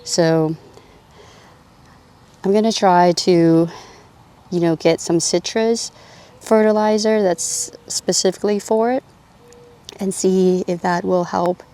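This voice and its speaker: A woman's voice: lowish voice, steady tone, slow, pauses often, dark tone. A woman giving a casual, enthusiastic tour of her garden, chatty with small restarts. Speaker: garden vlogger. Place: outdoor home garden. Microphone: clip-on mic. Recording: outdoor mic with faint AC hum. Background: air conditioner hum.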